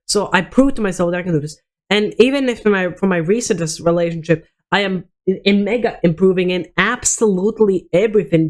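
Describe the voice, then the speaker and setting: A teenage boy telling a personal story as a vlogger, rambling and swearing, with many restarts. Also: high voice. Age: teens.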